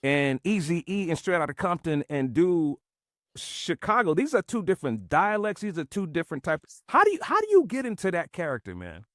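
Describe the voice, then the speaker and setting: A man co-hosting an interview, asking questions in a halting, casual way with many restarts. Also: fairly high pitch, wildly swooping pitch, a bit bright, dry recording, clean studio sound. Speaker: podcast co-host.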